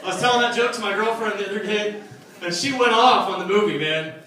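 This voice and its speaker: Performing stand-up at a comedy club, a young man rattles off loose, profane stories with asides to the crowd, speaking fast in a high, pushed, bright voice. There's slight background noise, and the distant mic picks up echoey club sound and audience laughter.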